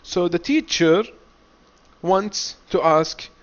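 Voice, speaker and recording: A man teaching an English class, drilling words slowly and often asking "what?" before answering his own question. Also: high-pitched, animated. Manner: slow, deliberate drilling, asks himself "what?" and answers. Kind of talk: classroom lecture. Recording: dull lo-fi recording.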